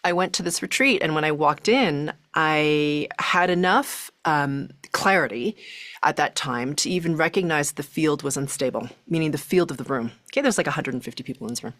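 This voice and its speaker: A middle-aged woman, a podcast guest, telling a personal story in an animated way, acting out her own thoughts with lots of filler "like"s. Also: low voice, moderate pace, dry recording.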